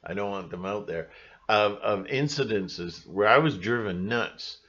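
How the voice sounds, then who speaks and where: A man's voice: lowish voice, measured pace, a bit bright, dull audio. A man in a rambling, emphatic monologue, full of restarts and asides, speaking to his channel's viewers. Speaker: channel host. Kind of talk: monologue to camera.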